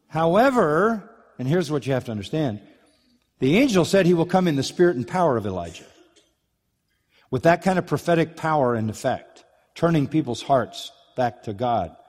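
A man's voice: fairly high pitch, a little mellow, big-room sound. A man preaching an expository sermon, emphatic, asking rhetorical questions and restarting phrases. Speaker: pastor.

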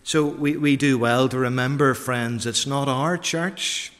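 A man preaching a sermon, deliberate and repeating key phrases for emphasis, recorded in a church. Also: medium pitch, a bit bright. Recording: long reverb of a large church.

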